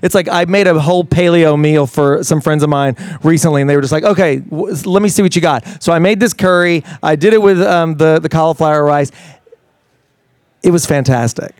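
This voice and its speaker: A man's voice: a little high, a little fast, a little mellow, smooth, no room sound, clean studio sound. A man talking at a live interview, enthusiastic and rambling, with frequent restarts and fillers. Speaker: fitness trainer guest. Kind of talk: casual interview talk.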